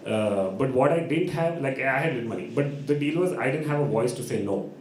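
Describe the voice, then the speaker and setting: A man telling an animated story at an open mic, acting out voices and laughing often. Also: medium pitch, brisk, echoey room, a little hiss or hum. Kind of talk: storytelling on stage. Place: live open mic venue.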